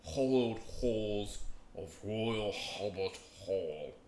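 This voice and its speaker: A man doing a pompous British wrestler, slow drawl. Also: fairly low pitch, lively intonation, warm tone, echoey room, a little hiss or hum. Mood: grandiose. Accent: put-on British. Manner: slow, drawn-out, grandly mangled phrasing. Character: mock British male pro wrestler, pompous and garbled.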